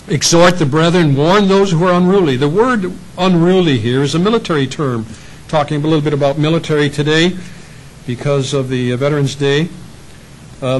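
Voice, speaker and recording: On a low-quality recording, a pastor with a higher-sounding voice gives a conversational sermon. He occasionally acts out the voices of the people in his stories.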